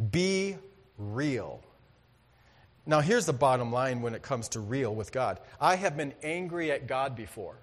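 A man preaching a sermon in an earnest, conversational way, with sudden loud bursts of emphasis. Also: on the high side, long reverb tail. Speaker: pastor.

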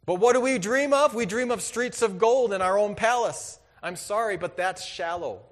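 A man preaching a sermon in an earnest, conversational way, with sudden loud bursts of emphasis. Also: high voice, normal speed, in a large hall. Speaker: pastor.

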